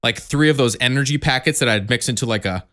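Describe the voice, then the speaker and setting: A young man co-hosting a podcast tells a story in rapid, profane casual chat. He acts out each quote as he goes, at a middling pitch. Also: a bit bright. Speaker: podcast co-host.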